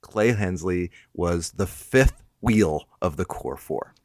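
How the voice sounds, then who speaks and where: A man's voice: low voice, expressive, takes it slowly, dry recording, studio quality. A man co-hosting a casual podcast chat, teasing and coaxing his co-host to open up, then reading out a trivia answer. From United States.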